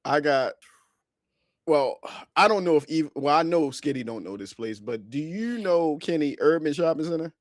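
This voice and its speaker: Animated laughing male podcast host. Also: on the high side, moderate pace, no echo, clean studio sound. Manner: animated storyteller, laughs a lot. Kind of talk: casual chat.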